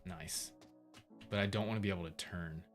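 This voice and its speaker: A man streaming his game development, thinking aloud in a relaxed, casual way while he tests things. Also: deep voice, moderate pace, soft background music. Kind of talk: casual livestream commentary.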